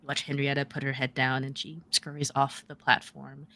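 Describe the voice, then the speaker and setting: Bright-voiced woman running a tabletop game. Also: rumbling low, flat delivery, moderate pace, dry recording. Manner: casual, filler-heavy, explains rules. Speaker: game master.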